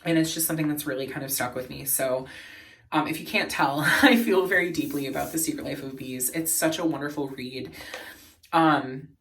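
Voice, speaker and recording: A man vlogging in a casual, earnest and emotional way, laughing softly as he talks. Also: on the high side, normal speed, far from the mic. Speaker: beauty and lifestyle vlogger. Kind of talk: casual chat.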